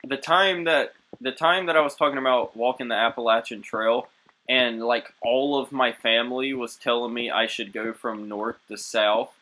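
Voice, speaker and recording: A man's voice: mid-range voice, normal speed, a little hiss or hum, poor audio. A young man co-hosting a casual chat, telling rambling stories with lots of laughter. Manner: laughing, rambling, animated storytelling. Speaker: co-host.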